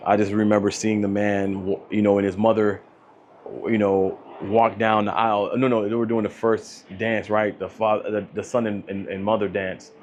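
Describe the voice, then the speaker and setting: Low-voiced man, soft and halting. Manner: soft-spoken, halting, many ums and restarts. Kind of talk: personal grief story, casual telling. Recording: dull lo-fi audio with music behind. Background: soft instrumental music.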